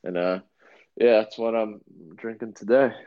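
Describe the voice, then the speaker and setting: A man's voice: on the low side, steady tone, measured pace, muffled recording. A man co-hosting a podcast in casual chat, rambling and laid-back with lots of fillers and restarts. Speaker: podcast co-host.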